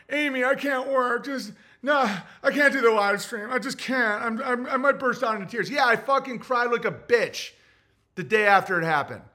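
A man's voice: sits high, bright, forceful tone. A man hosting a livestream, delivering a blunt, crude, lecturing rant straight to his viewers. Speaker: livestream host. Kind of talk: ranting livestream monologue.

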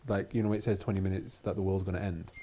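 A man's voice: low-pitched, level tone, warm tone. Chatty man rambling on a podcast. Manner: rambling, repeats himself, quick to laugh. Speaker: podcast co-host. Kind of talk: casual chat.

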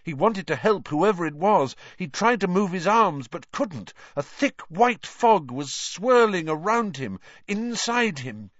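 A man reading an audiobook aloud in a slow, dramatic, expressive way. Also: high voice, no room sound, highs cut off. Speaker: audiobook reader. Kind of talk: audiobook narration.

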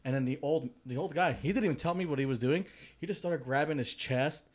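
A man's voice: a little high, a little fast. A man who works in retail, telling a story in laid-back slangy casual chat. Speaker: retail worker.

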